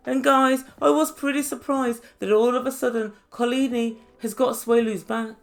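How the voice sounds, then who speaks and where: A woman's voice: on the high side, steady tone, normal speed, hardly any pauses. A woman reviewing a reality show, chatty and wry with sarcastic asides. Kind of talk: casual recap commentary.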